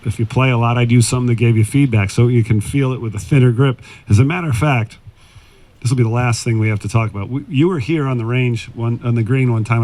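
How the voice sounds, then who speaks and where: A man's voice: medium pitch, darkish tone. A former tour golfer, a man, giving putting advice in a casual, anecdotal storytelling way, speaking outdoors at a golf club. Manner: anecdotal, acts out quoted dialogue.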